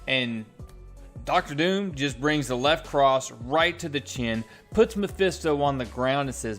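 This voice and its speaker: A man's voice: medium pitch, unhurried, a bit bright, soft background music. A man casually recapping a comic book's plot in a chatty, storytelling way, as a reviewer.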